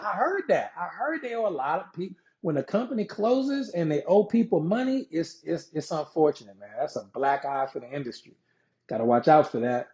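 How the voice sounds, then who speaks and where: A man giving a conversational live-streamed sales pitch, repeating himself and answering viewer comments as he explains a pay plan. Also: warm tone. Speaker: network marketing presenter. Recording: dull lo-fi sound.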